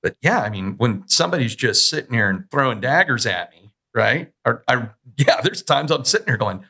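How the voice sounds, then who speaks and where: Bright-voiced male podcast host. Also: medium pitch, big pitch swings, normal speed, breathy edge. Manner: long anecdotes acting out other people's words. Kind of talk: conversational interview.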